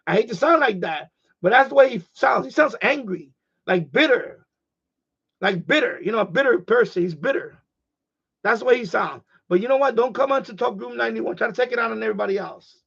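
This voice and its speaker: Gravelly high-voiced man ranting on a stream. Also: highs cut off. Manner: rambling, repeats himself, heated. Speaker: live stream host and ham radio operator. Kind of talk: casual live stream monologue.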